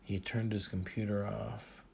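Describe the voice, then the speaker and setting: A man reads a first-person audiobook in a measured, dry way. His voice sits low with a gravelly edge, and he takes his time over every sentence. A faint hiss lies under the reading. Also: flat delivery, darkish tone. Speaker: audiobook narrator.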